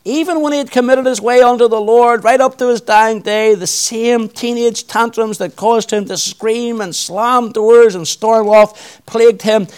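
Male preacher, high voice, sermon delivery, intense then hushed. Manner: reads scripture aloud, then preaches with swings from loud intensity to hushed appeals.

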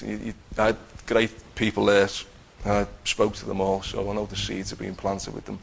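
A middle-aged man telling his personal Christian testimony in an earnest, halting way, with many restarts. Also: on the low side, monotone, vocal fry, slight background noise, poor audio. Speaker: Christian teacher giving testimony.

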